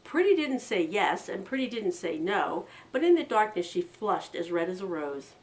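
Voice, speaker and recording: An American woman reads a children's story aloud, her pitch rising and falling with animated expression. Her voice is set a little back from the microphone, so it sounds slightly distant. She brings the quoted lines alive with brighter, higher lifts. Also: normal speed. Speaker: children's book reader.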